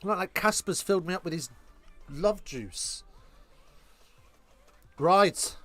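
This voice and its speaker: A man with an English accent doing casual live match commentary, trading cheeky, crude banter with chat between excited calls of the play. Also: high-pitched, takes it slowly, no room sound, faint music behind. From England.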